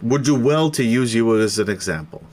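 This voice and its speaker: A man voicing a formal knight lord who presides over a council and speaks in a slow, stately way. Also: mid-range voice, a little mellow, pitched below the performer's own voice, natural voice. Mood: solemn.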